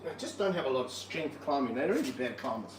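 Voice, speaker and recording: A man running a casual livestream from his reptile room, excitable and jokey, full of slang. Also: mid-range voice, fast, roomy sound, slight background noise, poor audio. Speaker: reptile park owner and streamer.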